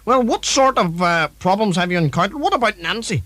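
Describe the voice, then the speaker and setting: A man's voice: high voice, lively intonation, brisk, pushed and bright, dry recording. A man playing a brash, sweary talk show host in a comedy sketch.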